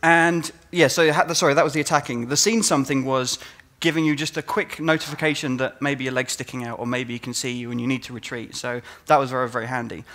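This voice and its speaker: A fast-talking man with a medium-pitched voice gives a conference talk as a game designer. He tells animated stories and acts out how players reacted.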